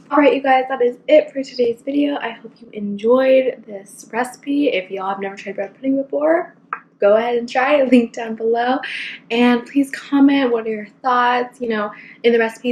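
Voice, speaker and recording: A woman's voice: on the high side, a little mellow, a little hiss or hum, poor audio. A woman, talking casually and enthusiastically in a cooking vlog, rambling with lots of fillers. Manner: chatty, rambling, enthusiastic, with many likes and fillers. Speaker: cooking vlogger.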